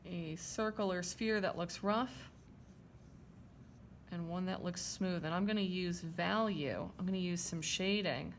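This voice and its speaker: A woman art teacher with a lowish, unhurried voice talks through a drawing demonstration, chatty as she draws and checking in with her students with "okay?" and "right?". Slight background noise is present.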